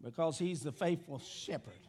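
A man preaching a sermon with passion, rising to shouting, his voice breaking into a cry at the peaks. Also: a little high, moderate pace, husky. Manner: impassioned preaching that rises to shouting.

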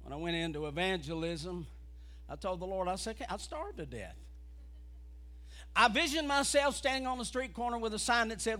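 A man preaching a fiery revival sermon as an evangelist, building from quiet talk to shouted preaching. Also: very high voice, expressive, moderate pace.

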